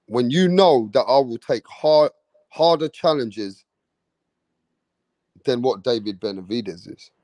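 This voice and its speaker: A young man hosts a livestream, chatting brashly and reading out viewer comments with lots of swearing, slang, and loud bursts of hype. His medium-pitched voice is expressive, a little slow, with long pauses and no echo.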